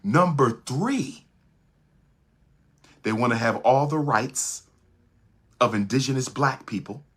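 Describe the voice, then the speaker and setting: A man's voice: mid-range voice, animated, slow, husky. A man giving an impassioned speech, emphatic and repetitive, with rhetorical questions. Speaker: public speaker.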